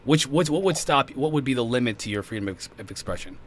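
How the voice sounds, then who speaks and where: A man hosting a casual podcast chat, mid-pitched and animated, who laughs easily and often circles back over his own words. A faint hiss sits under his voice. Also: fast talker. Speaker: podcast host.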